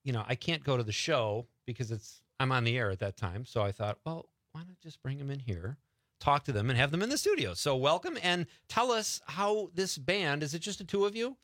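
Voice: mid-range voice, lively intonation, fairly quick, a bit bright, no room sound. A chatty, enthusiastic radio host interviewing guests in the studio.

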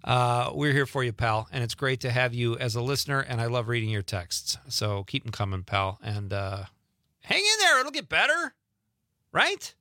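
A man's voice: mid-range voice, fairly even intonation, normal speed, few pauses, a bit bright, no echo, clean studio sound. A man hosting an evening radio talk show, chatting casually and joking with listeners and guests. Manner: chatty, jokey, reads listener texts aloud. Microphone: studio mic.

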